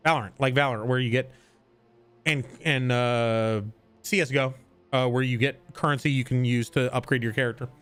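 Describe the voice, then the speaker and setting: A man's voice: medium pitch, steady tone, fairly quick, fairly bright tone, smooth, soft background music. A man, a voice actor, chatting casually on a stream while tipsy, rambling and correcting himself as he rants. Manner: rambling, self-correcting, mid-rant. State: tipsy from drinking.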